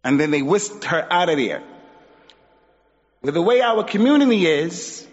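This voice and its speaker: A man's voice: sits high, expressive, measured pace. A man giving an emphatic religious lesson in a mosque, exhorting his audience. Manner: emphatic, exhorting, acts out quotes. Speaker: Islamic teacher. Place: mosque hall. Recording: dull sound with long hall reverb.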